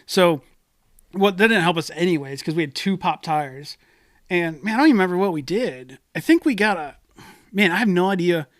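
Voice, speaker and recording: A young man co-hosting a podcast tells a wild story in casual talk, swearing and acting out the people he quotes with animated energy. His voice is high-pitched and fairly quick. The recording is dry and clean, captured on a studio podcast mic.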